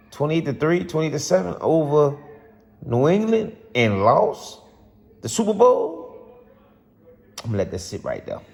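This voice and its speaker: A man's voice: mid-range voice, gravelly, darkish tone. Passionate rambling man in an echoey hall. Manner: passionate, rambling, repeats himself. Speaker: vlogger. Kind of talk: casual football rant to camera. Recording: long hall reverb.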